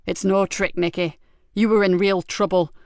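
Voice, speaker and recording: A woman's voice: medium pitch, level tone, moderate pace, gravelly, darkish tone, dry recording, close to an everyday voice. A woman reading an audiobook, voicing a blunt, loyal male police superintendent with dry humor. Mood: firm. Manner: blunt, patient, dryly humorous. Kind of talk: audiobook character voice.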